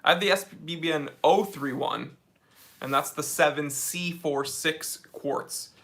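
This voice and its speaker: Upbeat young male streamer from New England, fairly high, crisp bright tone, chatting casually from an office. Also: unhurried. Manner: upbeat, reads viewer comments aloud. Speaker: livestream host. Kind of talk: casual livestream chat.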